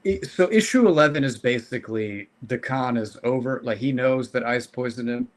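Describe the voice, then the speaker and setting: A man discussing a comic book on a casual podcast. He speaks in a measured, reflective way, pausing now and then with small hesitations as he lays out his points. His voice has an average pitch. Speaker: podcast co-host.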